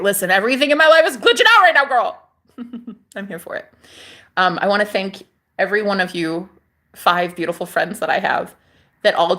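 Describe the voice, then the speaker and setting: A spiritual vlogger with a medium-pitched, sharp voice delivers a sassy, profane casual monologue to camera, calling viewers honey and repeating phrases for emphasis.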